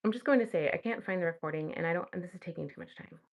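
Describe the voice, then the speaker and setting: A woman's voice: lowish voice, fairly even intonation, rapid-fire, creaky, lo-fi sound. A young woman vlogging in a casual, chatty way, talking to herself and laughing at her own slips. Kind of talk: casual chat while studying a language.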